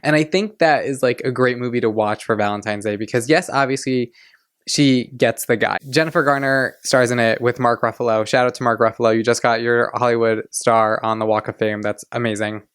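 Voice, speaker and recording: A man in his twenties hosting a podcast, chatting in a gushing, excitable way. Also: medium pitch, fairly quick, smooth, no room sound, clean studio sound. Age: 20s. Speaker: podcast host. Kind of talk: casual chat.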